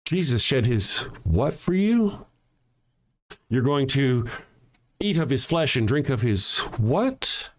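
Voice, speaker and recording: Animated sarcastic man ranting. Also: medium pitch, slow. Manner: mocking, sarcastic, swings between loud jabs and quiet asides. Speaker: show host. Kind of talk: ranting monologue.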